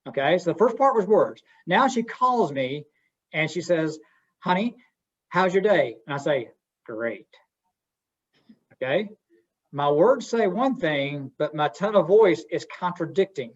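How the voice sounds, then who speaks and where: A man's voice: a little high, lively intonation, moderate pace. Folksy man leading a workshop. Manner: folksy, asks the audience questions. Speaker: webinar presenter. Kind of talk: interactive workshop talk. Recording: dull lo-fi webinar audio.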